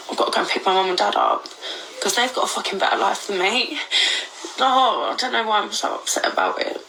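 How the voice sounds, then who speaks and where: A woman's voice: medium pitch, expressive, fairly quick, gravelly, background noise. A young woman in her twenties, crying while rambling and swearing in a casual vlog at home. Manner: swears often, rambling, tearful. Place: indoors at home.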